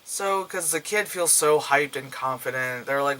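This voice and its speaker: A young man with a bright, edgy voice talks through a movie review in a loose, rambling way. He swears freely and keeps jumping into raised voices to mimic the characters. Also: mid-range voice, a little slow, slight background noise, rough recording. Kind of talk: casual spoken movie review.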